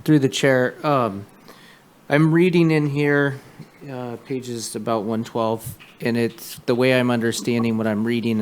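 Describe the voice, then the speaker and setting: Flat-voiced man asking a careful question. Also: lowish voice, a little hiss or hum. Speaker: commissioner. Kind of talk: asking a question at a public meeting.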